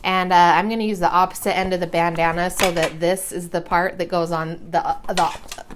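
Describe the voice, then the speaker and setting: A woman's voice: lowish voice, level tone, moderate pace, background noise. A young woman chatting casually as she walks through a craft project, giggling and humming to herself while she works. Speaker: crafting vlogger. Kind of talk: casual craft tutorial chat.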